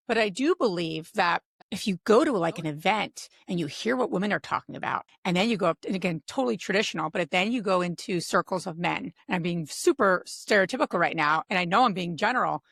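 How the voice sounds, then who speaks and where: A middle-aged woman from Pennsylvania, a podcast guest who tells stories with animated quoted voices. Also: mid-range voice, no echo, studio quality. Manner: animated storyteller, acts out quotes. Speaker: podcast guest, real estate investor. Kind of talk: casual interview talk.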